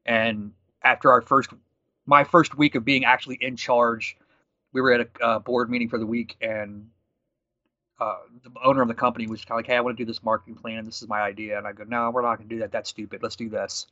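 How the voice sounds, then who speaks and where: Guy in his 30s talking fast, bright voice, kinda muffled dull audio. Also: medium pitch, no room sound. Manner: fast, animated storytelling with quoted dialogue. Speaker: guest. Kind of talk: conversational storytelling.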